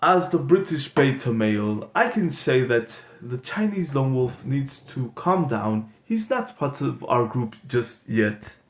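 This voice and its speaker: A man's voice: medium pitch, sing-song, a little slow, few pauses, voice pushed down. A man voicing a meek British beta male wolf who is prim and disapproving. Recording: echoey room with background noise.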